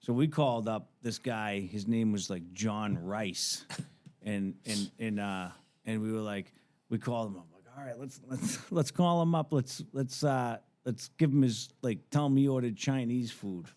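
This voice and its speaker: A man's voice: on the low side, normal speed, a little mellow. A man, telling stories casually on a podcast, swearing freely and mimicking voices. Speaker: podcast guest. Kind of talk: casual storytelling.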